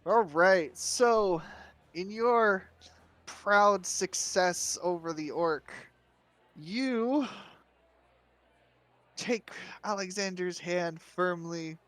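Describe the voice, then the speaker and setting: A man running a tabletop game as game master, relaxed and often laughing. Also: high voice, extremely slow, long pauses.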